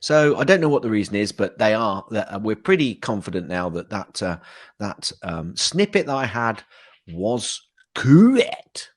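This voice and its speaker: A man's voice: lowish voice, lively intonation, moderate pace. A man co-hosting a podcast in casual chat, chatty and laughing often, with frequent stumbles and restarts. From United Kingdom. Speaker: co-host.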